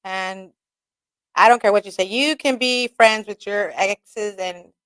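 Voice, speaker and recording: A woman hosts a radio talk show, chatting casually and candidly, swearing a lot, laughing often, and quoting herself in skits. Her mid-range voice is a bit bright and a little slow, with no room sound.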